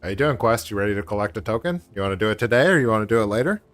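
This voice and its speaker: A man's voice: fairly low pitch, animated, racing, a bit bright. A man hosting a casual game livestream, chatting in a laid-back way and laughing often. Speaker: streamer.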